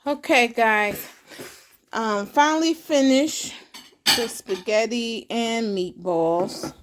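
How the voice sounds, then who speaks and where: A woman hosting a casual home cooking vlog, talking in a relaxed way with lots of ums. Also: on the high side, slow pace, noisy background. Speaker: cooking vlogger.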